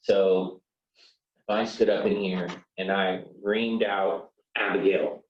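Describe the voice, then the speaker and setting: A low-voiced man lectures to a class in an easy, chatty way and acts out little sample apologies as he goes. He is recorded from across a roomy classroom with a dull, muffled sound. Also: steady tone, measured pace, recorded from a distance, slight background noise. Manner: conversational, acts out sample apologies, many "you know"s. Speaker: teacher.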